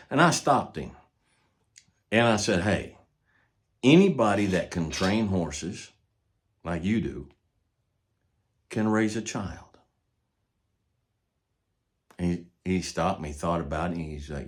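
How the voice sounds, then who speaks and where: An older horse trainer with a very low, deep voice talks slowly about horses, leaving long pauses. His relaxed, folksy storytelling is casual teaching, and his voice often drops to a quiet murmur as each thought ends.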